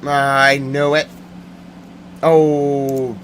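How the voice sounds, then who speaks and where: A man streaming a sarcastic, mock-angry rant that jumps between muttering and sudden yelling. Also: mid-range voice, moderate pace, slight background noise. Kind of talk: ranting commentary.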